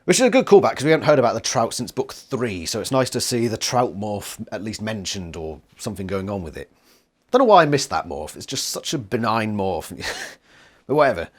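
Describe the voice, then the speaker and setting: A man's voice: lowish voice, very animated, brisk. A man giving a casual, sarcastic book review, swearing freely.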